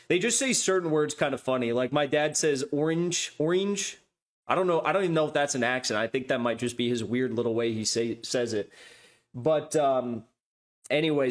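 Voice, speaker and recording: A man with a voice a little higher than most men's hosts his own podcast. He talks off the cuff, wandering into asides and restarting his sentences as he goes. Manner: chatty, loose, many asides and restarts. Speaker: podcast host. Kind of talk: casual rambling monologue.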